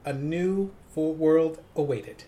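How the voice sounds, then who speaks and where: A man doing a mock radio countdown host voice while slowly reading a bottle label aloud. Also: a little high, mellow. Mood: mock announcer. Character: adult man impersonating a laid-back radio countdown host.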